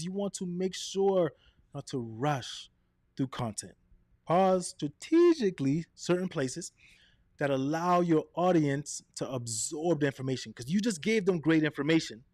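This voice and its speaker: An energetic man leads a live online workshop, his voice sitting a little high and swinging up and down on purpose. He is direct and quick, checking in with his viewers often. The sound is dry and close, with no room around it. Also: no room sound. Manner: direct, often asks "right?" and "okay?". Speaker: presenter of a live video workshop. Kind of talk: live online coaching session.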